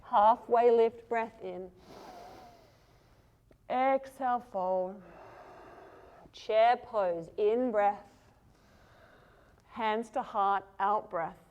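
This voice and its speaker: A woman teaching a yoga class, calmly cueing poses and breaths while moving, breathing heavily herself. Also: mid-range voice, extremely slow, long pauses, highs cut off. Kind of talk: guiding a yoga flow.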